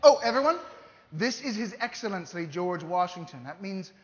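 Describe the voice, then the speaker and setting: Before a live student audience in a big hall, a costumed performer portrays a theatrical founding-era statesman, teasing, coaxing and steering the crowd through a historical re-enactment at an educational show. His voice sits high and is expressive, at a normal pace, and the sound is dull and echoey with faint ambience.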